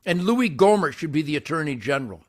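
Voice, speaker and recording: An older man hosting his own show, ranting boastfully to camera by a campfire outdoors, with wild swings between shouting and muttering. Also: expressive, quick pace. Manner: brash, boastful, loud swings in pitch and volume.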